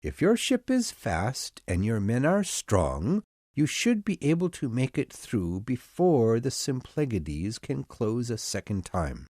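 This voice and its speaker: A man voicing a wise king who gives slow, measured advice in an audiobook. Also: mid-range voice, wildly swooping pitch, darkish tone, dry recording, studio quality, full character voice. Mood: advising. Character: wise old male king giving advice.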